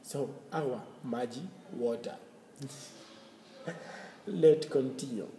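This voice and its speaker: Slow, gravelly man teaching words. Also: medium pitch, warm tone, roomy sound, long reverb tail, a little hiss or hum. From Kenya. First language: Swahili. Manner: repeats words slowly, spells them out letter by letter, laughs often. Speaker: language teacher. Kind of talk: casual language lesson.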